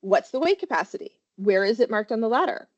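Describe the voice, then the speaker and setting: A woman's voice: on the high side, lively intonation, quick pace, muffled recording. A woman workplace safety trainer giving a webinar presentation, talking animatedly and quizzing her listeners with questions.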